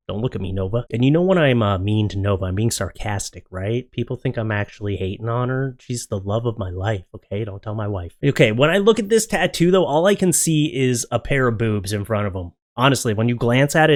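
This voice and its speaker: A man in casual comedic commentary, joking and chatty as he reacts to tattoo photos and talks to his dog in his office. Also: mid-range voice. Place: home office.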